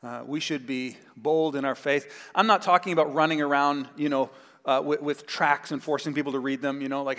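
A man in his thirties, a pastor preaching a sermon with animated storytelling, acting out quotes in a raised voice. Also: mid-range voice, quick pace. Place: church sanctuary. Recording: long hall reverb.

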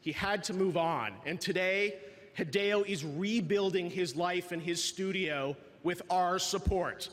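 A man's voice: high-pitched, measured pace, a bit bright. Earnest man presenting an award. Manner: earnest, building to a big announcement. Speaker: awards show host. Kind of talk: stage presentation speech. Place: large event hall. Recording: reverberant event hall recording.

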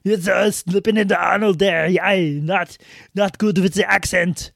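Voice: mid-range voice, fairly even intonation, measured pace, creaky, a bit bright, no echo. A podcast co-host making dry, jokey asides and teasing in casual banter.

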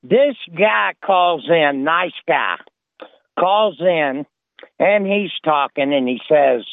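A man's voice: fairly high pitch, expressive, slow, vocal fry, no room sound. A man co-hosting a radio show, telling a funny story in casual banter and building to the punchline. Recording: phone-like, dry.

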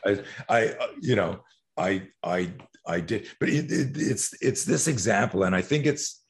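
A man's voice: fairly low pitch, expressive, measured pace. A man from Canada, a guest who coaches people on fear, telling stories in a rambling, profane way with many restarts. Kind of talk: casual interview storytelling.

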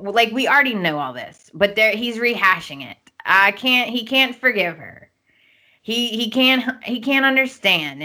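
A woman hosting a podcast, talking slowly and without hurry. Her voice is bright and forward, and she recaps a soap opera in a chatty way, slipping into the characters' lines as she retells them. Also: medium pitch. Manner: animated storytelling, acting out quotes. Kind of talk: casual chat.

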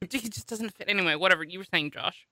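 A woman's voice: on the low side, quick pace, sharp tone. A young adult woman co-hosting a casual podcast, trading dry sarcastic quips. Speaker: podcast co-host. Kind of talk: casual chat.

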